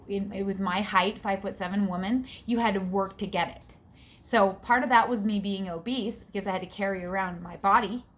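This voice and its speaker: A woman in her forties vlogging in a casual, frank, chatty way, her breathing often audible. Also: medium pitch. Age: 40s. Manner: chatty, frank, gets exasperated. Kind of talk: casual chat.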